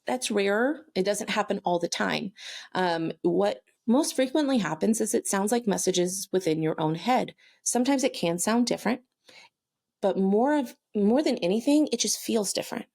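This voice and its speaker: A woman's voice: mid-range voice, animated, normal speed, vocal fry, darkish tone. A woman hosting her own show, explaining intuitive abilities in a chatty teaching talk, often saying "like" and "okay". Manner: chatty, frequent "like" and "okay", acts out little quoted voices. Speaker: intuitive teacher and podcast host.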